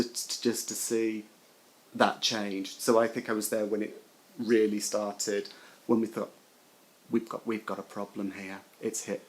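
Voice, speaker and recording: A middle-aged man, a former nurse, giving personal testimony in an emotional, halting way, often repeating his words. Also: lowish voice, rough recording.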